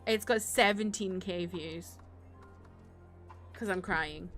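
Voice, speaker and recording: A woman's voice: on the low side, slow, fairly bright tone, soft background music. A young woman streamer chatting casually and sarcastically while she plays, ranting with frequent laughs. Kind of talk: casual live-stream chat while gaming.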